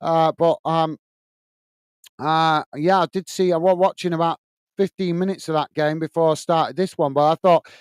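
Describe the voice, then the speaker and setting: Hosting a live watch-along of a football match, this man chats loosely, reading out comments from viewers and responding with plenty of fillers. His voice is fairly high, smooth and clean, with fairly even intonation at a moderate pace, and the close, dry recording has no echo.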